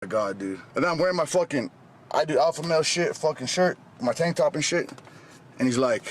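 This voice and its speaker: A man's voice: mid-range voice, animated, slight background noise. A man ranting angrily in a vlog clip, swearing constantly and acting out a quarrel. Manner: fast, heated, swearing constantly. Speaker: vlogger in a played clip. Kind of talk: angry profane rant.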